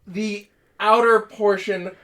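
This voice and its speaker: A man's voice: high voice, fairly even intonation, slow, pushed and bright, reverberant. A man co-hosting a podcast in casual chat, joking and rambling through half-finished thoughts. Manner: rambling, joking, trails off and restarts. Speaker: podcast co-host.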